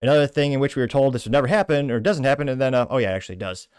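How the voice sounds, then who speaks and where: A man's voice: medium pitch, rapid-fire, a little mellow, clear, resonant tone, no room sound. Guy hosting a commentary show, reads tweets and snarks at them, dead dry mic. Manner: wry, quotes posts in a mocking tone. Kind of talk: reading and commenting on social media posts.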